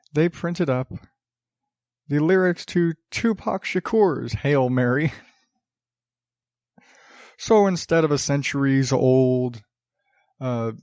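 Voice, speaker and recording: A man in a home studio hosts his podcast at an unhurried, drawn-out pace. His delivery is sarcastic and rambling, full of restarts and little laughs. The sound is close and dry, with no room around it. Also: fairly high pitch, darkish tone, dry recording. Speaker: podcast host. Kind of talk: casual solo podcast monologue. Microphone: studio podcast mic.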